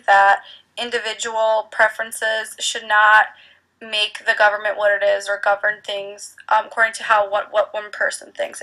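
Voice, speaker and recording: A woman's voice: medium pitch, sharp tone, rough recording. A young woman teacher from the United States giving a chatty, informal history lecture full of ums.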